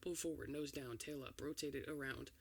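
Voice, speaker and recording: A man reading an entire film script aloud for ASMR, doing every part in one steady voice. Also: on the high side, fairly quick, vocal fry. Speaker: ASMR reader.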